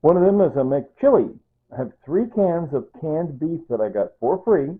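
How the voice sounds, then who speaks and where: Husky older man vlogging on tinny audio. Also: fairly high pitch, expressive, moderate pace. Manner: chatty, repeats himself, frequent throat clearing. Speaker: prepping vlogger. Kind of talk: rambling casual vlog talk. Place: home room with pantry shelves and computer.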